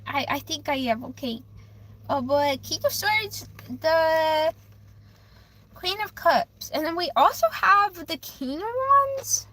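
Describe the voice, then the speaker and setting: A woman's voice: high voice, lively intonation, slow pace, a bit bright, poor audio. A young woman live-streaming a tarot reading, speaking emotionally, stammering and repeating herself. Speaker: livestreamer giving tarot readings.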